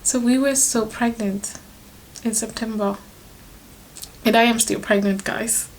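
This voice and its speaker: A woman's voice: a little high, fairly even intonation, unhurried. Young woman vlogging a storytime, gets emotional, laughs a lot, restarts sentences, bit of faint noise. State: pregnant, third trimester. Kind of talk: casual storytime to camera.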